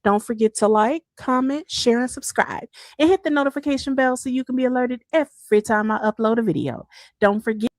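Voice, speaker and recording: A woman's voice: on the high side, fairly quick, darkish tone, no echo, clean studio sound. A woman YouTuber giving blunt, scolding commentary in a casual video.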